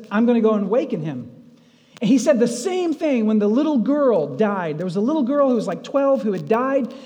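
A man's voice: high voice, warm tone. A male pastor preaching a sermon. He asks the listeners questions and retells stories. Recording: long reverb of a large hall.

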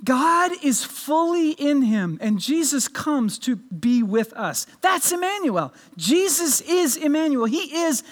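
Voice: high voice, very animated, takes it slowly, few pauses. Pastor, sermon delivery, earnest, stumbles and restarts, rhetorical.

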